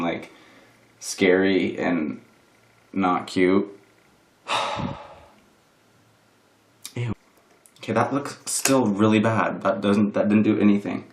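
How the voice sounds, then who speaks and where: A man's voice: lowish voice, fairly bright tone. A young man chatting through a casual makeup tutorial at home, rambling and mocking himself, filmed on a camera propped on a box. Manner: self-deprecating, rambling, full of "like". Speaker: vlogger. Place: room at home. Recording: roomy echo of a home room.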